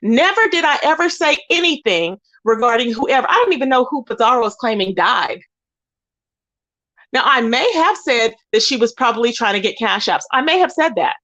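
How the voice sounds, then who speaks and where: A woman's voice: fairly high pitch, animated, moderate pace, sharp tone, lo-fi sound. A woman hosting a livestream, ranting indignantly and emphatically while greeting chat viewers. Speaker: livestream host. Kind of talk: heated livestream rant.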